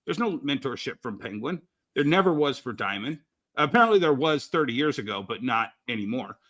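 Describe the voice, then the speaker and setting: Bright-voiced man sharing anecdotes. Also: medium pitch, very animated, a little fast. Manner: chatty, anecdotal, stammers on restarts. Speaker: podcast co-host, comic retailer. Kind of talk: casual chat.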